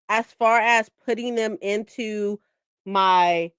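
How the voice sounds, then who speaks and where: A woman's voice: medium pitch, fairly even intonation, slow pace, smooth, no room sound, studio quality. A woman chatting casually on a live book stream, repeating herself and swearing freely.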